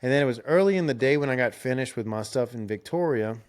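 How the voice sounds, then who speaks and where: Young dude rambling through a road trip story, easygoing, chuckles a lot. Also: male voice, medium pitch, expressive, fast. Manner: rambling, laid-back, laughs often, restarts. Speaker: podcast host. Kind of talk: casual storytelling chat.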